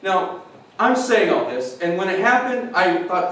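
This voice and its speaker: A middle-aged male pastor telling a personal story in a sermon, emotional and halting, often restarting his sentences. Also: high voice, very animated, a bit bright. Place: large church hall. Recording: echoey church hall from far off, faint noise.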